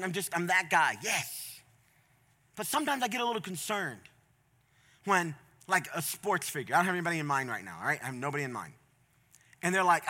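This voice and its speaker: A man preaching a sermon in a conversational, folksy way, moving between quiet asides and loud, emphatic points. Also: high voice. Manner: folksy, plain-spoken. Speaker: pastor.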